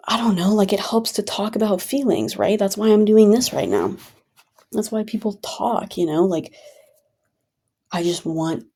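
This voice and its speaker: Gravelly low-voiced woman venting casually. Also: a little mellow. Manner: rambling, filler-heavy, with many "like" and restarts. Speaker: vlogger.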